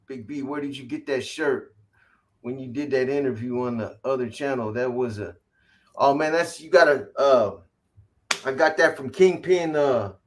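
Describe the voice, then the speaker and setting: A man hosting a casual livestream, reading off viewer names in quick shout-outs and slangy greetings. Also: medium pitch. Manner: rattles off viewer shout-outs, slangy, calls people boy. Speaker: livestream host.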